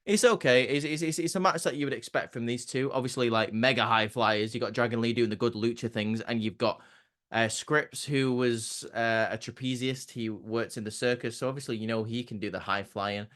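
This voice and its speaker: A man's voice: mid-range voice, fairly even intonation, a little fast, fairly bright tone. A man giving a casual, chatty recap of a wrestling show, often stumbling and repeating words.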